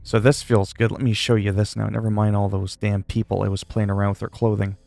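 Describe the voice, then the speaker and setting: A man's voice: lowish voice, little pitch movement, brisk, gravelly, a little mellow, no room sound. A man chatting casually while livestreaming a game, answering chat questions in a laid-back, swearing way.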